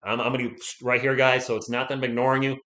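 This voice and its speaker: A man doing fan play-by-play commentary on a livestream, excitable and shouting at big plays, a little hoarse from losing his voice. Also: medium pitch, very fast.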